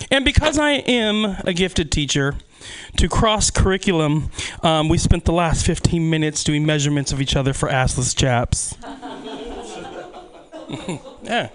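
A man's voice: a little high, measured pace, fairly bright tone. A man in his twenties doing a stand-up comedy set in a small club, profane and self-deprecating, laughing at his own jokes. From California.

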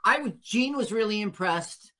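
Lively man hosting a radio interview. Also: high-pitched, moderate pace, a crowd in the background. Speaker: radio show host. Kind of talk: casual interview.

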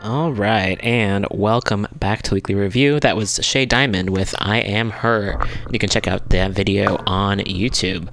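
A man hosting a community radio show, reading event announcements in a relaxed, chatty way and correcting himself as he goes. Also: fairly low pitch, a little slow, gravelly, a little hiss or hum. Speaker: radio host. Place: radio studio. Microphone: studio microphone.

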